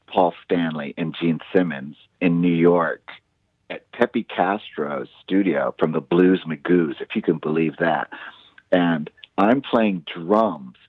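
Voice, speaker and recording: A man telling stories in a casual interview, enthusiastic and animated, acting out what others said. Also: sits low, no echo. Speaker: musician guest, show host. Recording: tinny phone-like line.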